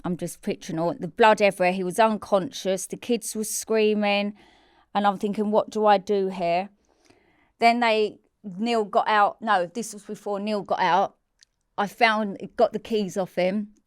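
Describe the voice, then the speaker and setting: A woman's voice: mid-range voice, fairly even intonation, normal speed, smooth, dry recording, studio quality. A woman, a podcast guest telling a personal story in a blunt, candid way and swearing freely. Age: 40s. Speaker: interview guest.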